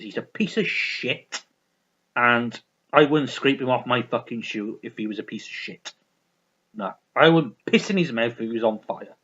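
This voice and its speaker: A man's voice: a little high, a bit bright, muffled recording. A man vlogging in a heated, swearing rant full of restarts. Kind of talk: ranting vlog monologue.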